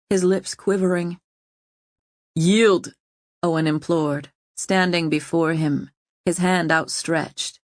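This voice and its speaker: In a clean studio recording free of room sound, a female audiobook narrator with a lower voice reads scripted fantasy fiction. Her delivery is steady and measured, like a careful storyteller.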